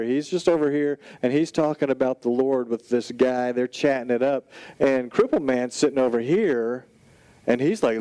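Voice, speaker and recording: Guy preaching a casual chatty sermon, mellow warm voice, dry close sound, tells stories with lots of asides. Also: mid-range voice, dry recording, poor audio. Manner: animated, conversational storytelling with frequent asides. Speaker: pastor.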